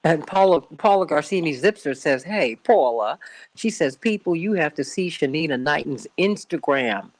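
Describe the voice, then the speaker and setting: A woman's voice: deep voice, lively intonation, moderate pace, low-quality recording. A woman hosting a radio talk show, chatting animatedly, laughing often and mimicking voices when she quotes people. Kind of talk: casual talk radio chat.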